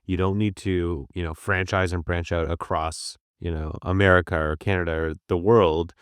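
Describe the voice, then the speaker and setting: Brief: man, very low smooth voice, chatty guest, dry close sound. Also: normal speed, no room sound. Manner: relaxed, chatty, storytelling with asides. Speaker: guest on a business podcast. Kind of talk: casual conversation.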